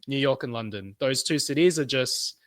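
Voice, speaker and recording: An Australian man in his thirties co-hosting a podcast, enthusiastic and quick to laugh. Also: mid-range voice, dry recording. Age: 30s. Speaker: podcast co-host. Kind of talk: casual chat.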